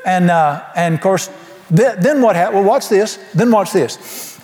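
Male pastor, high-pitched, folksy emphatic delivery, long hall reverb. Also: expressive, a little slow. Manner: folksy and emphatic, with rhetorical questions and sudden drops to a low hush. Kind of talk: sermon. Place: church sanctuary.

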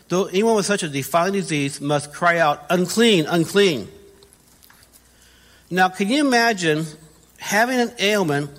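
A male pastor delivers a conversational sermon in a church with spaced-out pews, correcting himself as he goes and putting questions to the viewers. His voice sits high with a bit of brightness, and the service recording carries a long reverb.

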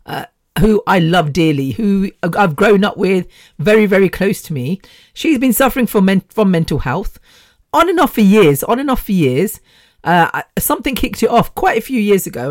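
A woman's voice: fairly low pitch, a little mellow, no room sound, clean studio sound. A woman in her fifties hosting a podcast alone, rambling and chatty with the odd swear word. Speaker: podcast host. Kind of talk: casual solo podcast chat.

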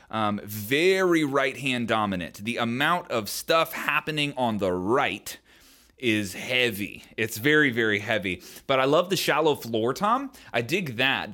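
A man's voice: mid-range voice, bright, forceful tone. A man co-hosting a podcast, talking casually and rambling with many fillers and hedges. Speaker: podcast co-host.

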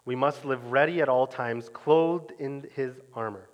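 Earnest preacher in a reverberant hall. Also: male voice, medium pitch, measured pace, dull audio. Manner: earnest, emphatic, drops to quiet at phrase ends. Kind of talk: sermon.

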